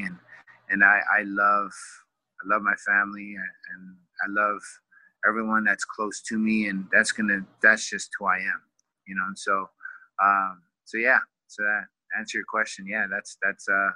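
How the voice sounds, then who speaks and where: A man's voice: on the low side, sharp tone, no echo, poor audio. A man in his forties from California, a wrestling coach telling a heartfelt personal story in an emotional, rambling way, full of fillers. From California, USA.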